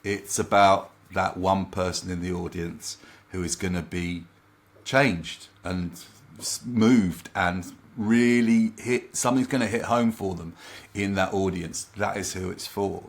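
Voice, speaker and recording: Man, lowish voice, guest coach, casual storytelling, animated anecdotes, acts out quotes. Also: measured pace. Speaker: confidence coach and trainer.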